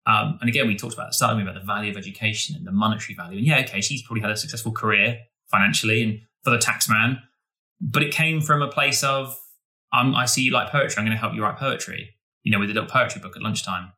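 Brisk, bright-voiced male podcast host. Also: lowish voice. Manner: enthusiastic, rambling with restarts. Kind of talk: casual podcast chat.

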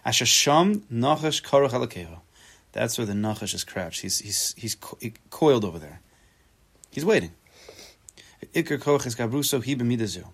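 Here is a man leading an informal Torah class in a conversational tone. He stops to repeat himself while searching for words and drops in playful asides. He works through the text line by line, translating as he goes, at an average pitch for a man. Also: expressive, moderate pace, husky. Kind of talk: casual spoken Torah class.

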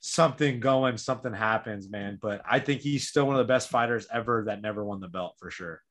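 A young man co-hosting a casual sports chat, animated and profane, often repeating himself. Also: lowish voice, fairly quick. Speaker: podcast co-host.

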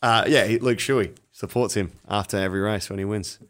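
A young Australian man chatting about sports bets with a mate. He swears freely and laughs a lot, and his voice sits on the low side. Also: fairly quick, a bit bright. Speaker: podcast co-host. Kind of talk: casual sports betting chat.

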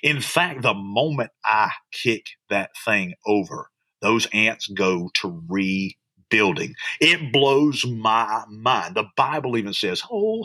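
Man, pastor, bright husky tone, dry close sound, animated preaching. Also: fairly low pitch, no echo. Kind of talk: podcast sermon.

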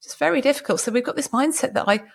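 A woman's voice: high voice, rapid-fire, vocal fry, breathy edge. Chatty middle-aged woman. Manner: chatty, self-deprecating, laughs often. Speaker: doctor and podcast co-host. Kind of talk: casual conversation.

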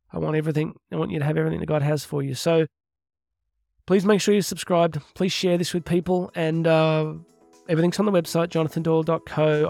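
Earnest chatty man, gravelly voice. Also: fairly high pitch, a little mellow, no echo, clean studio sound. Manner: earnest, chatty, with frequent laughs and asides. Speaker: podcast host and Catholic speaker. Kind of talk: casual heartfelt podcast monologue.

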